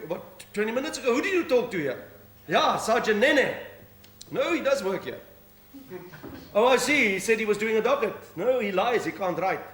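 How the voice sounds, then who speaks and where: A man's voice: high-pitched, a bit bright, pitched above the performer's own voice. A man on stage voicing a fussy, flustered police desk sergeant, taking a call. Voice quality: fussy and officious, talks over the caller. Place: live theatre stage. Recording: roomy live stage recording, faint hum.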